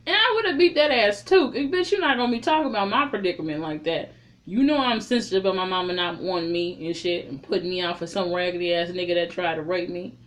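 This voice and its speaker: A woman casually recapping and reviewing a film, blunt and profane, telling the story with lively opinions. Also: on the low side, quick pace.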